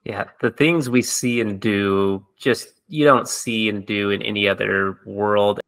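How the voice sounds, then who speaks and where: A man's voice: lowish voice, fairly even intonation, measured pace, creaky, a bit bright. Guy hosting a podcast, chill and encouraging, just chatting. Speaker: podcast host. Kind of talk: casual chat.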